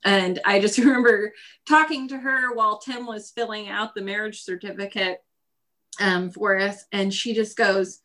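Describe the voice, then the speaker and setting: A woman's voice: mid-range voice, moderate pace, a bit bright. A woman guest telling her own story in a casual interview, laughing often as she talks.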